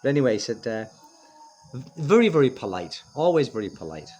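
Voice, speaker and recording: A man's voice: medium pitch, very animated, a little fast, darkish tone, breathy edge. A middle-aged British man vlogging in a casual, opinionated way, rambling with lots of fillers and restarts. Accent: British English. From United Kingdom. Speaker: expat vlogger. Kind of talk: casual chat to camera.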